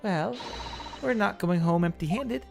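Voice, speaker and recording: A man voicing a polite, gently playful young woman assistant in a game. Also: sits high, unhurried, vocal fry, over music, pitched above the performer's own voice.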